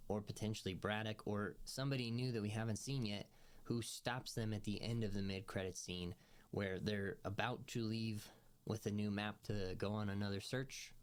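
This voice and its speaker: Low-voiced man rambling through a film review. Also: clean tone. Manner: rambling, loose, with many fillers and restarts. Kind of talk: casual movie review vlog.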